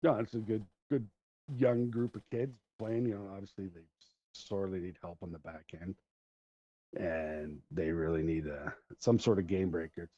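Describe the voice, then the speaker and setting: A man's voice: low voice, steady tone, moderate pace, dark tone, no echo. A middle-aged man hosting a podcast, telling long rambling stories in casual chat and laughing along the way. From Central Alberta, Canada. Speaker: podcast host. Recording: dull lo-fi recording.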